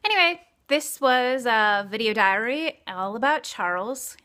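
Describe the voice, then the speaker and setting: A woman's voice: a little high, lively intonation, unhurried, few pauses, bright, forceful tone. A young woman talking casually in a home video, chatty and full of fillers, who slips into baby talk with her dog. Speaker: vlogger. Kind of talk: casual vlog. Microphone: phone camera.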